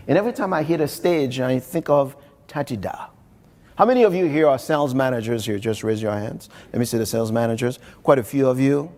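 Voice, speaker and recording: A man's voice: mid-range voice, brisk, darkish tone. Haitian-accented man giving a keynote in a hall. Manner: storytelling, repeats phrases for emphasis, addresses the audience directly. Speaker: keynote speaker. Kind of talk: motivational keynote speech. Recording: live recording in a reverberant hall.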